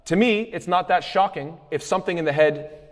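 A man teaching a lecture on hadith, conversational and quick, with frequent restarts and phrases mixed in. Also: high voice. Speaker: Islamic studies teacher. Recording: long hall reverb.

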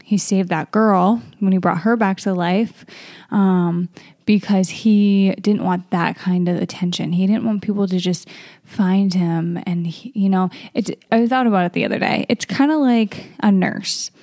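Young woman reading the bible out loud then chatting about it, mellow voice with a bit of fry. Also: medium pitch, fairly even intonation, unhurried, dry recording, studio quality. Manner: reads scripture aloud then muses informally with fillers. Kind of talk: casual Bible reading and reflection.

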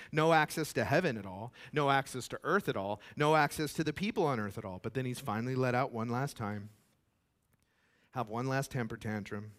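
Emphatic male pastor preaching. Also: medium pitch. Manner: emphatic preaching, acts out quoted voices, swings between loud and hushed. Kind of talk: sermon.

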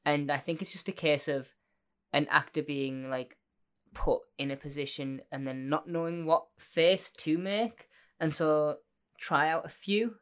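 Low-voiced woman podcast co-host. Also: unhurried, clear, resonant tone. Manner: rambling, playful, self-deprecating. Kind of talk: casual chat.

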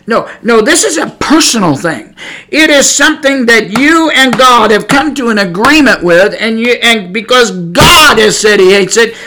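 A man teaching scripture in a loose, rambling way, with a high, bright voice. He stumbles and restarts often, then climbs into forceful shouts to hammer home a point. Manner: rambling, stumbles over words, rising to shouts for emphasis. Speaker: preacher. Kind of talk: informal Bible teaching.

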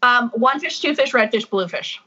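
A woman's voice: on the high side, moderate pace, sharp tone. A woman who used to be a teacher, a podcast guest chatting casually, self-deprecating and giggly. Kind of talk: casual chat. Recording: dull lo-fi sound.

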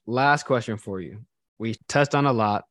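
Podcast host, man, easygoing questioner; lower voice, dry recording. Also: normal speed, no echo. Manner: relaxed, asks several questions in a row. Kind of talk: interview questions.

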